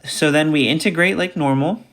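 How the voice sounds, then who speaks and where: A man's voice: a little high, normal speed, a bit bright. A man teaching a recorded math lecture, talking through each step aloud and repeating key points. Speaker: math instructor.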